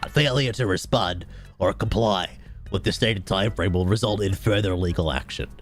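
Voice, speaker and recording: A man's voice: low voice, moderate pace, faint music behind, lightly acted. A man voicing a stern grown man who issues legal threats in a formal, menacing way, with a strained throat. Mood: threatening. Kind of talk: mock reading of a letter.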